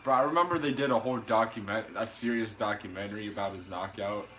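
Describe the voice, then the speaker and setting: A young man co-hosting a boxing reaction stream, relaxed and slangy, laughing along often. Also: fairly low pitch, fast talker. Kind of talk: casual live-stream chat.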